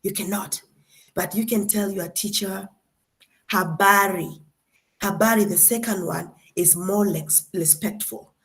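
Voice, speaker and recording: Young female guest lecturer, casual and playful, slow careful drilling of vocabulary, mid pitch. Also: steady tone, a bit bright. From Tanzania. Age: young adult. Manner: slow, deliberate drilling of words, playful and chatty. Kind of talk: casual classroom teaching.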